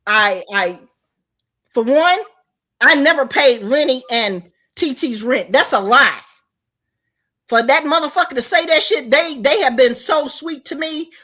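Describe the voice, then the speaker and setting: High-pitched, animated woman ranting. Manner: animated, profane, acts out quoted voices. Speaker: streamer host. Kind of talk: storytime rant.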